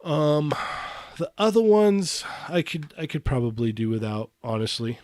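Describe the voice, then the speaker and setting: A man in a casual chat, relaxed and leaning on "like" and "um" as he talks. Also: on the high side, a little slow, dry recording. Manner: relaxed, heavy on "like" and "um".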